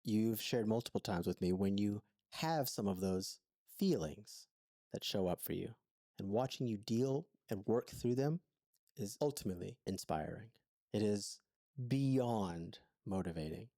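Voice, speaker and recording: Mellow low-voiced man, earnest and thoughtful. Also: animated, measured pace, no echo, clean studio sound. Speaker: podcast co-host. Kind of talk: intimate conversation.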